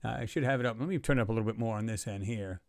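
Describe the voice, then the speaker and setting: A man's voice: fairly low pitch, racing, dry recording, studio quality. Rambling man on a livestream. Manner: rambling, loose and excitable, reads chat aloud. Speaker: livestream host. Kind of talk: casual livestream chat.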